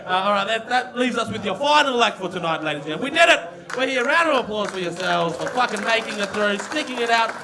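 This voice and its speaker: A man's voice: very high-pitched, animated, normal speed, long pauses, background noise. A man with an Australian accent hosting an open-mic comedy show, loose and sweary, bantering between acts. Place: comedy club with audience. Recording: live club sound with crowd and music.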